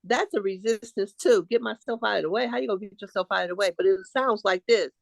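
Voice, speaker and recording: A woman's voice: medium pitch, fast, creaky, no echo. A woman hosting a group video call, coaching the others and animatedly acting out the voice of resistance.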